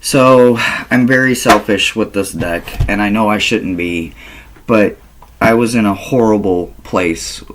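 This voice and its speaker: A man chatting casually in a vlog as a tarot reader, animated and quick to laugh, swearing freely. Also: fairly low pitch. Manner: slow, drawn-out delivery.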